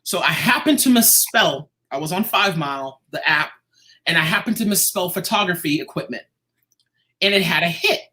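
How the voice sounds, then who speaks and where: A man, a guest artist in an interview, telling a personal story in a lively, casual way. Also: sits high, normal speed. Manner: animated, acts out quoted voices.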